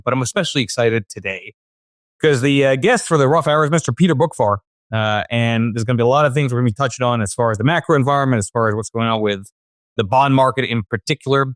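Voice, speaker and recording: A man's voice: medium pitch, no echo, studio quality. A man hosting a finance podcast, introducing his co-host and guest in a friendly, upbeat way with some fillers.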